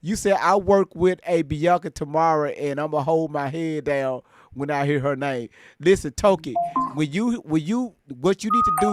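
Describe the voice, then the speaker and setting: A slightly high male voice at a moderate pace, over a noisy background. He hosts a live stream, bantering loosely with lots of laughter and cursing.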